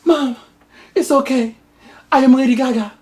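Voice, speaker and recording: A woman's voice: sits high, normal speed, mellow, voice pushed up, lightly acted. A woman doing a weepy melodramatic runaway princess. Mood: tearful. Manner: melodramatic, gasping exclamations.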